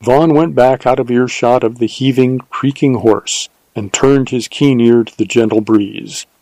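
A man reading a western novel aloud as narrator, in a measured, even storytelling manner. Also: mid-range voice, dry recording, rough recording. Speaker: audiobook narrator. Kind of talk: scripted narration.

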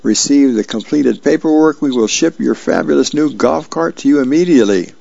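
A man voicing an overly polite male phone caller who pitches a prize with a salesy manner. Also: animated, a little fast, creaky, warm tone, dry recording, lo-fi sound. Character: smooth-talking adult male prize-line caller.

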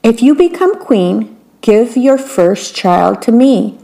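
Storybook imp: woman doing a sly, wheedling little man, pitched up, unhurried. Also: big pitch swings, gravelly, dark tone, exaggerated voice, poor audio. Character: strange impish little man, sly dealmaker.

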